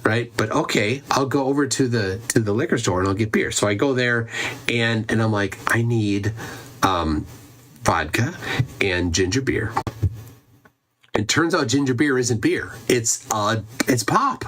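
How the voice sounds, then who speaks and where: A man's voice: medium pitch, normal speed, fairly bright tone. A man hosting a casual livestream, telling stories in a rambling, self-interrupting way. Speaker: livestream host. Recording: faint background noise and clicks.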